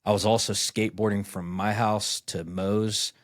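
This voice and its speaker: Podcast host in his thirties; low, dry-miked voice; loose, profane storyteller who acts out conversations. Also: little pitch movement, moderate pace, no room sound. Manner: rambling storyteller, acts out dialogue, swears often. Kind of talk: casual chat.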